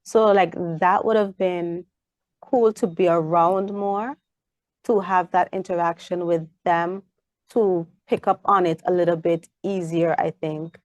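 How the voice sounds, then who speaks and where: A young woman with a Caribbean English accent, chatting as an interview guest and acting out lively stories about her daughter. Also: lowish voice, measured pace, no echo. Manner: animated storyteller, acts out her child's voice. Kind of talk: casual interview chat.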